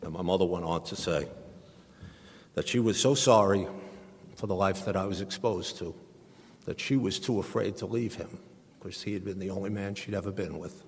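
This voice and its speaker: A middle-aged man from Staten Island with a New York accent, speaking in a very low, husky voice. He tells his recovery story earnestly, with flashes of humor. The sound carries a long reverb from a meeting hall. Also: moderate pace, pauses often. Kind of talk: personal recovery talk.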